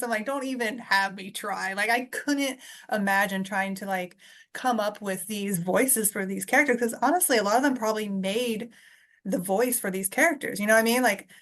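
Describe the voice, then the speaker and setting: A woman's voice: on the high side, fairly bright tone. A woman co-hosting a podcast in casual chat, chatty and rambling, laughing often. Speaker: podcast co-host.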